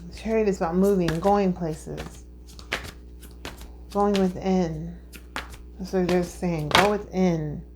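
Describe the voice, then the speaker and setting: A woman's voice: on the low side, fairly even intonation, takes it slowly, pauses often, background noise. A woman giving a spiritual tarot reading, earnest and heartfelt, who repeats herself and keeps checking in with her listeners. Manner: emotional, heartfelt. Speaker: tarot reader.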